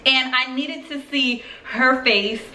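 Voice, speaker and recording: A woman in her twenties from Philadelphia telling a personal story on her vlog in a chatty, animated way full of fillers. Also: sits high, slow pace, a little hiss or hum. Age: 20s. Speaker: YouTuber. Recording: roomy echo.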